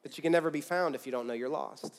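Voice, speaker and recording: A man preaching a sermon as pastor, swinging from loud, pressing emphasis down to quiet, soft lines. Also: fairly high pitch, fast. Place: church auditorium with a congregation.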